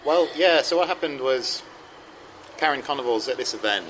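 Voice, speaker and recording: A man's voice: medium pitch, expressive, moderate pace, background noise. A man co-hosting a casual roundtable chat, easygoing and rambling with many ums. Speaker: podcast co-host.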